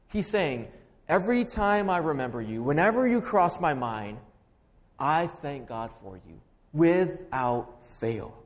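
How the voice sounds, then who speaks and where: A man's voice: on the high side, a little mellow, in a large hall. A man preaching an expository sermon as pastor, emphatic and building through stacked, repeated phrases.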